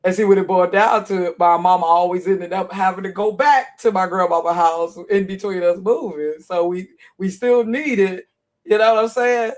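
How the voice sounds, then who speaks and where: A man's voice: high voice, steady tone, normal speed. A man from Chicago talking casually to his audience, rambling, repeating words and laughing often. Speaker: online talk host. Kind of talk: casual monologue.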